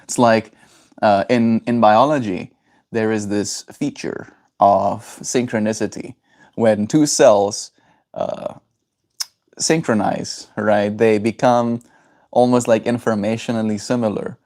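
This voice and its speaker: A man's voice: fairly low pitch, steady tone, slow, a little mellow. A man from South Africa chatting casually on a livestream, rambling and answering chat messages aloud.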